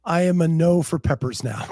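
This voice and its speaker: A man hosting a casual podcast, chatting in an unhurried way and reading out names and places. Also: a little high, animated, mellow, no echo. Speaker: podcast host. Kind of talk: casual chat.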